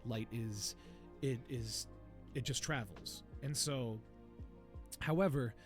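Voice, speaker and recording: A man's voice: mid-range voice, takes it slowly, over music. A man hosting a podcast in casual chat, laughing often and explaining things at length with many restarts. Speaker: podcast host.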